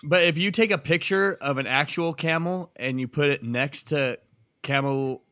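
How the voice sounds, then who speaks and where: A man's voice: a little high, normal speed, bright, forceful tone, no room sound, studio quality. A man co-hosting a podcast, rambling and profane and often restarting his sentences. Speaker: podcast co-host. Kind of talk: crude casual podcast banter.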